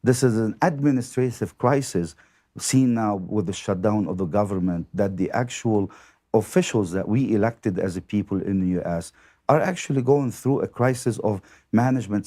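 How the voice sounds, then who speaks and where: A man who is a priest, speaking in a podcast chat in a measured way, with many "uh" fillers. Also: fairly low pitch, warm tone. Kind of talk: casual chat.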